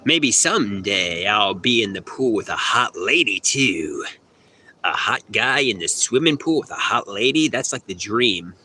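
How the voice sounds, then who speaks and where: Man, poolside phone livestream, rambling chat, lively up-and-down voice, mock New York accent. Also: lowish voice, a little slow, slight background noise. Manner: rambling, hums and sings snippets. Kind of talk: casual livestream chat answering comments. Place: by an outdoor swimming pool. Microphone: phone camera.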